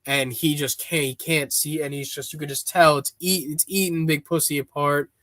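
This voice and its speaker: Guest rambling man, slightly high voice. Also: moderate pace, no echo, clean studio sound. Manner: rambling, restarts often, excitable. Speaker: podcast guest. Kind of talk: casual chat.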